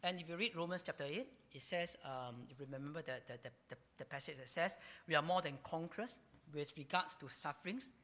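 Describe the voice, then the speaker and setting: A man preaching a sermon in a church hall. He talks in an animated way and ends many phrases with a drawn-out "ah". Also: a little high. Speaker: pastor. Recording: long reverb of a hall.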